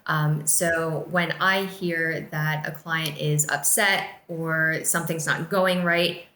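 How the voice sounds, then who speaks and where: Bright-voiced woman in an echoey room. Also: low-pitched, fairly even intonation, slow pace. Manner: earnest, encouraging explainer. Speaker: podcast guest, office staff. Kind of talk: casual podcast chat.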